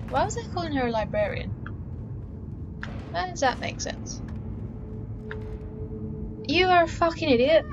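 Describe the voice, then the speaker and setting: A woman playing through a game, talking to herself with frequent swearing and exclamations. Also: high voice. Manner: chatty self-talk, swearing and exclaiming. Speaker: let's play gamer. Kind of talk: casual gameplay commentary. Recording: dull lo-fi mic with steady background noise.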